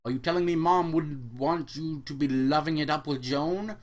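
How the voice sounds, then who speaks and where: A man's voice: fairly high pitch, normal speed, pitched above the performer's own voice, close to an everyday voice. Man as sulky seventeen-year-old girl, sarcastic, comic storybook. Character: teenage girl, sardonic, easily grossed out.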